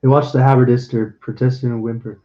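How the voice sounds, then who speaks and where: A man reading a classic adventure novel aloud as narrator, in a plain, even storytelling manner. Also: mid-range voice, quick pace, muffled recording.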